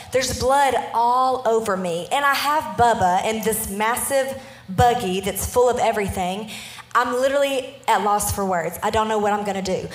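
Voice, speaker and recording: A woman in her thirties giving a storytelling sermon, animated and often checking in with her listeners. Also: mid-range voice, roomy sound. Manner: animated, keeps checking in with the audience. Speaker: preacher.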